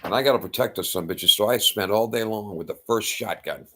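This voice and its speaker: A man retelling an old story in casual, animated talk, with loud sound-effect outbursts and blunt profanity. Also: fairly low pitch, fairly quick. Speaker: self-styled faith speaker.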